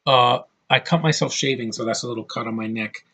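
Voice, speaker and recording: A man from the United States giving a casual, opinionated movie review straight to camera, blunt and quick to swear. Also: medium pitch, bright, forceful tone, breathy edge. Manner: blunt, opinionated, swears often, mocking voices.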